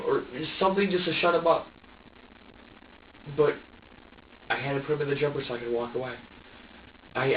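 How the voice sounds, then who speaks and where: A man being questioned by police, talking haltingly with many restarts and acting out his own past words. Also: mid-range voice, a little hiss or hum. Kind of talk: police interrogation. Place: interrogation room. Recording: distant echoey phone-like archive audio.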